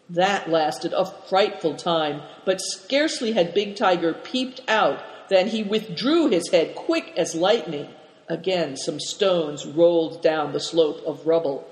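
A narrator reading a children's adventure story aloud in a steady, even manner. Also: medium pitch. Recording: roomy hall with long reverb.

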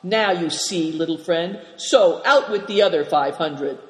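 A reader growling as a gruff old crook in a big hall. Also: medium pitch, a little slow, lightly acted. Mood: snarling. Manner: snarling, growling. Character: gruff, bad-tempered male crook. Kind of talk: storybook reading. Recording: roomy hall with long reverb.

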